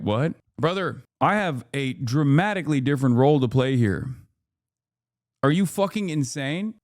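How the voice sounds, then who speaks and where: A man's voice: medium pitch, darkish tone. A man hosting a live stream, ranting about politics with heavy profanity and exasperated sarcasm. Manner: sarcastic mock voices. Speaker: streamer host.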